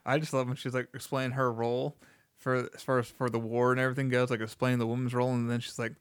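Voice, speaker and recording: Man, smooth clear voice, dry close sound, casual film chat, quotes movie lines. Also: medium pitch, quick pace, no room sound. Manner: relaxed, laughs often, quotes lines from the film.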